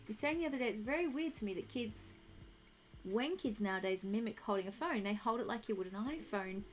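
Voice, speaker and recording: A woman's voice: medium pitch, expressive, fairly quick, faint music behind. A young woman streaming a game, chatting casually and thinking aloud while she answers her chat.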